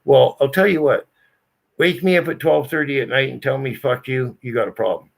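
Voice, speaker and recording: A man's voice: medium pitch, lively intonation, a little fast, creaky. A man telling a story to friends in a blunt, profane, emphatic way. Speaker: channel host telling a story. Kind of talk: casual storytelling.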